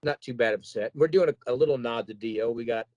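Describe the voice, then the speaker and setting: A man who sings metal, chatting casually in an interview, rambling and animated as he tells stories about touring and keeping his voice in shape. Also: medium pitch, fast talker, dry recording, lo-fi sound. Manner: rambling, animated storytelling with quoted asides. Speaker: metal singer guest.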